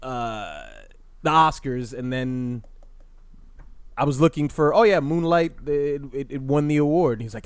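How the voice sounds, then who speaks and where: A man's voice: mid-range voice, measured pace, clear, resonant tone, no room sound. Sarcastic man with a dry, close sound. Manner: sarcastic, swears freely, mock-serious. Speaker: podcast co-host. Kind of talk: casual podcast banter.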